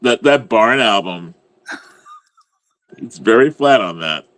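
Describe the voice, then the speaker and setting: Man, guest, casual chat, easygoing, low voice, animated pitch. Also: slow pace.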